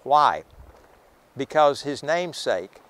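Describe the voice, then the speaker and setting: A man's voice: medium pitch, very animated, slow pace, fairly bright tone. A man guiding a ghost tour outdoors, retelling a witness's story with dramatic flair and acting out the voices of the people in it.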